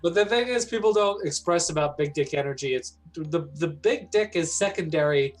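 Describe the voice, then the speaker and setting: A man's voice: fairly high pitch, expressive, moderate pace, faint music behind. A man chatting on a comedy stream, rambling and joking with lots of fillers. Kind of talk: casual comedic chat on a live stream.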